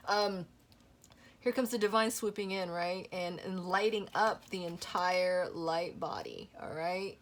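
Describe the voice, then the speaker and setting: A young woman gives a spiritual tarot reading to her viewers. She gushes in delighted exclamations and keeps checking in with "okay?" and "you know". Her voice sits at an everyday middle pitch for a woman. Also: measured pace, fairly bright tone. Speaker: tarot reader.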